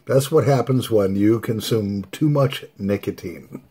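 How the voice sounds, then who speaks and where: An older man vlogging while smoking his pipe, talking in an unhurried, musing way with pauses between thoughts. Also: fairly low pitch, warm tone. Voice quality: gravelly, raspy. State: hiccups from nicotine. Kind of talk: slow casual monologue while smoking.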